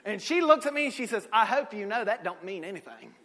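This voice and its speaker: A man, preaching a sermon with folksy stories, swinging from shouted peaks to low asides. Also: expressive, fast, background noise. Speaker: pastor. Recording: echoey hall.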